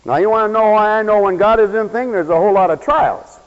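A man preaching a sermon, swinging between loud exclamations and low asides and acting out the voices of the people he quotes. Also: fast. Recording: dull, lo-fi radio broadcast with hall reverb.

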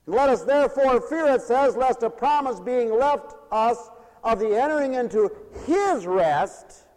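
A man's voice: extremely high pitch, animated, a little slow, darkish tone, long reverb tail. A man preaching a folksy sermon, acting out the people he quotes.

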